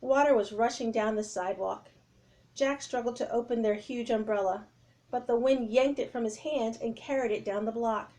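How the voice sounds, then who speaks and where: A woman reading a chapter book aloud to children in an expressive, lively way. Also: on the high side, moderate pace. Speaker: children's story reader.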